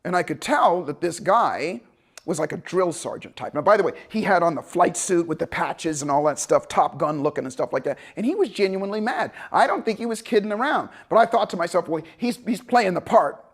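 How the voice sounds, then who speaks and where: A man speaking as a motivational speaker tells a story to an audience. His voice sits high and moves easily, conversational and animated. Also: a little fast.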